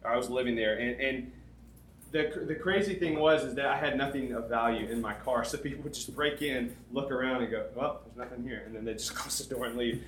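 A young man preaching a sermon, telling a story and acting out the people in it with lively dialogue. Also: mid-range voice, brisk, slight background noise. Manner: animated storyteller, acts out dialogue. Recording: echoey room.

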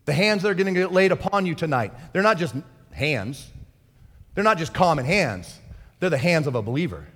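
A male pastor preaching a fervent, excitable sermon in a church hall. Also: a little high, moderate pace.

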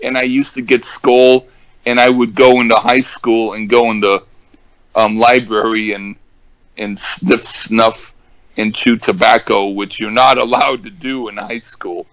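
An older man chats slowly and haltingly, stopping often on ums and starting his sentences over. His voice is dry and close, with almost no room sound around it. He speaks at an unhurried, plodding pace throughout. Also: mid-range voice, little pitch movement, a bit bright, dry recording, poor audio. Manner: halting, many ums and restarts. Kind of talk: casual chat.

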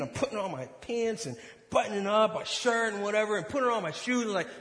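A man preaching a sermon, telling a personal story and acting out the dialogue with lively energy. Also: high voice, quick pace, gravelly, echoey room, long reverb tail. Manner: animated storytelling, acts out dialogue. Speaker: pastor.

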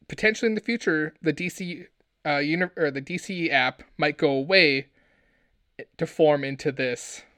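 A man co-hosting a casual pop-culture podcast, talking in excitable, joking rants. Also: a little high, no echo, clean studio sound. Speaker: podcast co-host.

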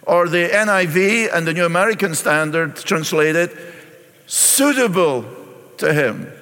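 A middle-aged pastor, preaching a sermon and reading scripture aloud before explaining it. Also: male voice, fairly high pitch, animated, unhurried, sharp tone. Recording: long reverb in a large hall.

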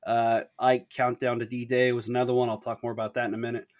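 A man co-hosting a casual podcast chat, talking in an animated, self-deprecating way with many restarts. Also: medium pitch, quick pace. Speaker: podcast co-host.

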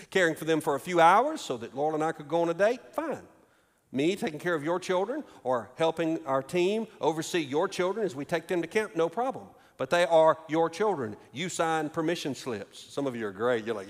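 A man with a high voice preaches a sermon as pastor. He shifts between quiet, conversational asides and raised, emphatic lines, and the sound carries a long reverb from the sanctuary. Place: church sanctuary. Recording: reverberant hall.

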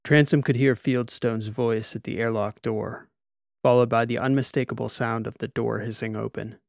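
A man reads a sci-fi audiobook in a steady storytelling voice, with a gravelly grain at mid pitch. The recording is close and dry, with no room sound. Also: moderate pace, no echo. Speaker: narrator. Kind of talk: scripted audiobook narration.

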